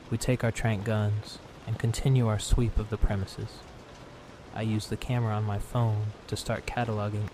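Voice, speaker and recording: A man narrating a horror story in a calm, even storytelling manner, made to help listeners fall asleep. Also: lowish voice, noisy background. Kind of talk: calm scripted narration for sleep. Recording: clear rain sounds behind voice. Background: steady rain.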